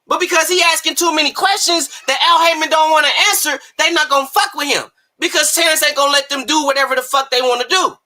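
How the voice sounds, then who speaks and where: Man, high voice, piercing edge; heated profane boxing rant with bursts of shouting. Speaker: boxing commentator. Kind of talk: ranting commentary.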